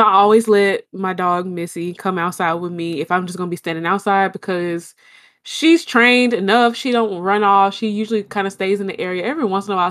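A young woman, telling a long story in casual chat and acting out her own shouts. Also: mid-range voice.

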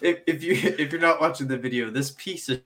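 A man's voice: on the high side, brisk, very noisy. A man co-hosting a podcast, making dry teasing jokes in casual chat. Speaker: podcast co-host.

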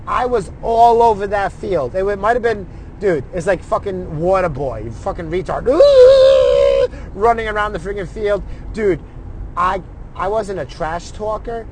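A man's voice: high-pitched, moderate pace, a little hiss or hum. A middle-aged man telling a story in a casual, profane way, acting out what other people said in his own voice.

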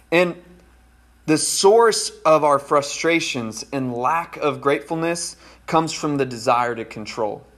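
Pitched fairly high with a fairly bright tone, the voice belongs to a pastor who has children. His sermon is folksy and conversational, and he talks directly to his congregation.

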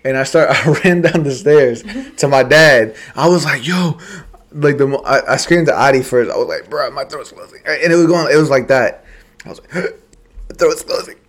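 Young man, casual podcast storytelling, swears freely, laughs mid-story, voice of ordinary pitch. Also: a little fast, hardly any pauses. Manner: animated, profane, laughs through the story. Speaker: podcast co-host.

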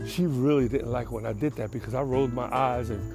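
A man's voice: medium pitch, quick pace, music in the background. An older man from the Bronx, a podcast host telling a casual story in a blunt, streetwise and profane way. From the Bronx, New York.

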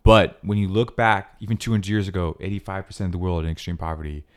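A man's voice: deep voice, fast talker. A man co-hosting a podcast, talking earnestly and thoughtfully in casual chat, with many fillers. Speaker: podcast co-host.

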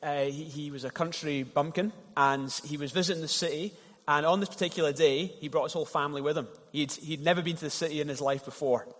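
Male pastor, slightly high voice, conversational sermon with story illustrations, recorded in a reverberant church hall. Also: fairly even intonation, fast talker, a bit bright. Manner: conversational storytelling, repeats words when starting a thought.

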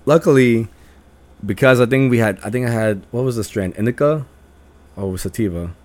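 A young man tells rambling, profane stories about his friends in a casual chat. His voice sits in a middle pitch, and he acts out their lines in a raised voice. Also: normal speed, a little mellow. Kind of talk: casual storytelling.

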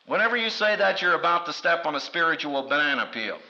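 A very animated man preaches a sermon fast, with dramatic delivery and humorous asides. He acts out quoted voices with big pitch swings, and the dull lo-fi recording carries background noise.

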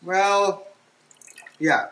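A podcast host and father talks on his own from his home kitchen while washing dishes, hesitant and self-conscious, with many ums and restarts. His high-pitched voice has a sharp tone, and he speaks very slowly. The audio is poor.

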